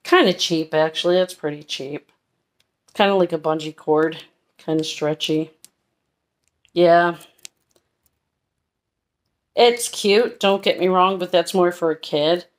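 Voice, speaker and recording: A woman's voice: on the low side, takes it slowly, long pauses. A woman vlogger chatting her way through a haul review, frank and rambling.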